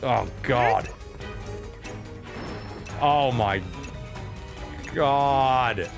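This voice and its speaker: A man streaming a video game, swearing and ranting at the controls, then mumbling softly to chat. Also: medium pitch, drawn-out words, creaky, over music. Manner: swears a lot, rants loudly at the game, then drops to soft mumbles. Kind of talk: live gameplay commentary.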